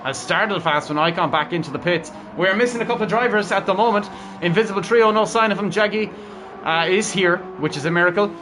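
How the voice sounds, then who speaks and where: A young man with a high voice commentates a live racing stream at a quick pace, upbeat and chatty, repeatedly calling out to his viewers and talking to chat. A faint noise hums underneath.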